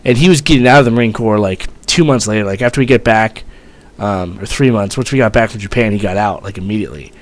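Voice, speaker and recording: A man's voice: fairly low pitch, fast talker, few pauses. A young man casually telling a rambling, profane story as a vlogger, full of fillers and swearing.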